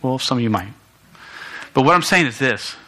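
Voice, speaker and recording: A young man preaching a sermon to students in a church, animated and stumbling over words, with joking asides. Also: medium pitch, moderate pace, rough recording. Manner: animated, many restarts and stammers, jokey asides. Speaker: youth pastor.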